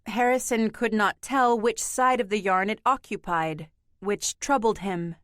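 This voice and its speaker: A woman narrating an audiobook in a slow, measured, even reading. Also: mid-range voice, no room sound, studio quality. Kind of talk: scripted narration.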